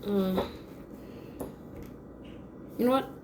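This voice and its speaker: A woman voicing a short-tempered male chef who mutters to himself and bursts into yelling. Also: mid-range voice, drawn-out words, noisy background, pitched below the performer's own voice. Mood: grumbling. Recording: background music. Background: music.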